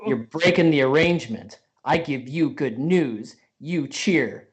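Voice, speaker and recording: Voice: mid-range voice, unhurried, lightly acted. A performer playing a cheery, pushy good news kitty in an improv comedy sketch, with a bouncy, sing-song delivery. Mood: chipper.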